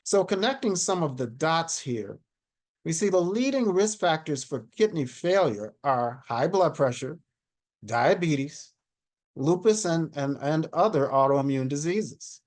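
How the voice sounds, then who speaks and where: A man in his sixties presents over a video call, reading figures off his slides in a steady, measured way. His voice sits a little higher than most men's. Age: 60s. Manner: measured, reads statistics from slides. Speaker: panel speaker.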